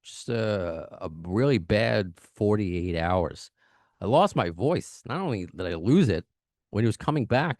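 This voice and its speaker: A low-voiced man hosts his podcast in quick, chatty talk, often breaking into laughs. His voice is still recovering from a recent illness. The sound is dry and close to the mic. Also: expressive, darkish tone, no echo. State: recovering from lost voice. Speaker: podcast host. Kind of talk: casual podcast chat.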